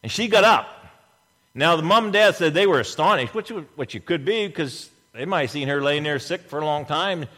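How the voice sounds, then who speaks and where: A fairly high-voiced man preaching a sermon, his pitch swinging widely as he acts out scripture scenes with energy. He speaks as pastor to his church. The sound carries a long, echoey church reverb. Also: lively intonation, normal speed, sharp tone.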